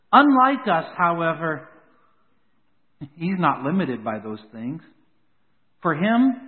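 A man with a high voice preaches with dramatic swells and sudden drops. His voice rings with long reverb, as if heard over a thin, phone-like line from a large hall. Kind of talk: sermon.

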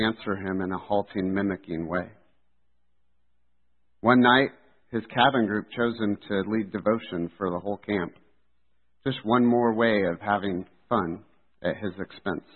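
A man preaching a sermon in an earnest, steady delivery. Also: lowish voice, normal speed. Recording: tinny phone-like sound.

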